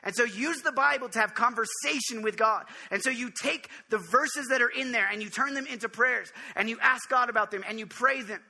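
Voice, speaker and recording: A man with a high, very bright and forceful voice gives an informal sermon on prayer. He speaks earnestly to his listeners, slips in jokes and repeats words as he restarts his thoughts. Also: gravelly. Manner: earnest and jokey, quick restarts, direct address to listeners. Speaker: preacher.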